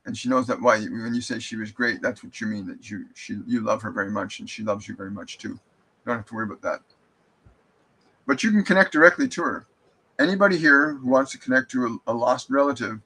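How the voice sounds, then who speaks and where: A man's voice: mid-range voice, pushed and bright, husky, poor audio. A man hosting a live stream as a spiritual medium. He reads viewer comments aloud and answers them in an earnest, reassuring way, often restarting his sentences.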